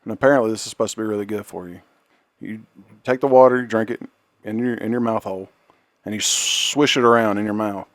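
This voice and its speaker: A man's voice: fairly low pitch, steady tone, fast, no echo, clean studio sound. A man co-hosting a podcast, chatting casually and animatedly retelling a comedy sketch through laughter. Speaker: podcast co-host. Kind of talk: casual chat.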